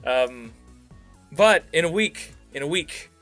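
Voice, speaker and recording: A man's voice: on the high side, slow pace, faint music behind. A man co-hosting a casual podcast, laughing often and swearing freely as he chats. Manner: laughs a lot, lively and profane. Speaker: podcast co-host. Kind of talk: casual chat.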